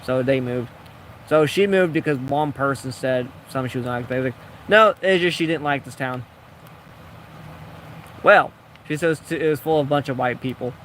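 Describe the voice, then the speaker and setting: A man's voice: mid-range voice, fairly quick, fairly bright tone, a little hiss or hum. A man casually telling a rambling, jokey story while building in a game, acting out the people he quotes. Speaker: gaming video creator.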